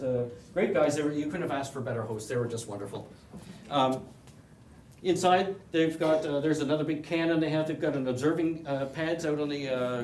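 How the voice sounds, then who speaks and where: A man with a Canadian accent talks his audience through a hands-on presentation, rambling and joking as he goes. His voice sits a little on the high side. He is picked up from a distance in a reverberant meeting room with a faint hiss underneath. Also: darkish tone. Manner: chatty, rambling, with frequent restarts and joking asides. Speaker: presenter at an astronomy club meeting.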